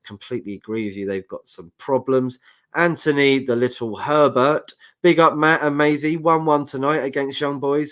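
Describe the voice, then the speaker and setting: London bloke co-hosting football chat. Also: male voice, mid-range voice, normal speed, fairly bright tone. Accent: London English. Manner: banters, reads out viewer comments. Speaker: football podcast co-host. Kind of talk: casual chat.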